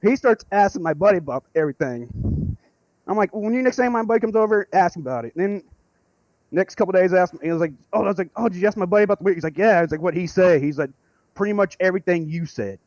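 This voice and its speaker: A man calling in to tell a rambling story, excitable and swearing freely. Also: high voice, fast, dry recording, highs cut off. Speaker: caller. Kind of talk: casual storytelling.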